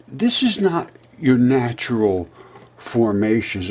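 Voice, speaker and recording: A man in his seventies narrating over a map, insistent, rebutting doubters and jumping up in pitch when pointing things out. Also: sing-song, unhurried, darkish tone. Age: 70s. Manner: insistent, rebutting imagined objections. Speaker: presenter of a fringe geology channel.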